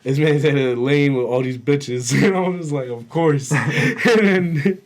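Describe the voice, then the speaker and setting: A young man co-hosting a podcast, telling a story in casual chat, animated and profane, laughing as he goes. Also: mid-range voice, measured pace. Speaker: podcast co-host.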